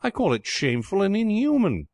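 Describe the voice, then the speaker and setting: A man's voice: fairly high pitch, huge pitch swings, moderate pace, dry recording, pitched above the performer's own voice. A man voicing a well-bred, spirited young lad who speaks earnestly and outspokenly in a storybook reading. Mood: indignant.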